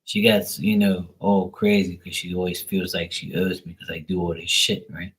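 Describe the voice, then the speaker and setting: A man with a deep, level, fairly bright voice speaks at normal speed on a low-quality recording. He's a tarot reader hosting a livestream, rambling and swearing a lot while chatting with viewers and his dog.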